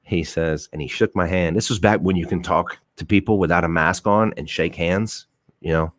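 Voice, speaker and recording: With no room sound and at a moderate pace, a young male host speaks in a low-pitched voice. He entertains a live audience with a casual, profane story about a date, performing the quoted lines.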